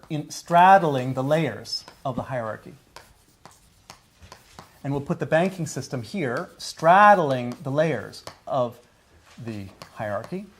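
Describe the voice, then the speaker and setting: A man of middle pitch lecturing to a university class. He explains step by step, often checking in with "okay" and restarting his phrases. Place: lecture hall.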